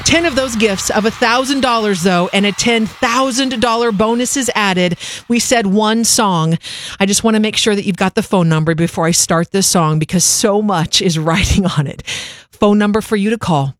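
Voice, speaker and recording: A woman hosting a radio fundraising drive, upbeat and urgent, slowing right down whenever she reads out the phone number. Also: mid-range voice, no room sound. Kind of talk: on-air fundraising appeal.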